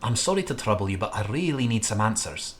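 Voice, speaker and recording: A man's voice: fairly low pitch, big pitch swings, fast talker. A man playing a detective game, reading his character's questions aloud and making joking, irreverent asides. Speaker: game player voicing characters. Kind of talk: let's-play narration with voiced dialogue.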